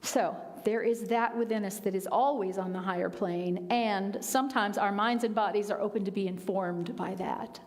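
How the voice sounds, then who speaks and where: A woman minister giving a sermon, telling stories in a conversational way with quiet, emphatic asides. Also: medium pitch, fairly even intonation, moderate pace, hardly any pauses, long reverb tail. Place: church sanctuary.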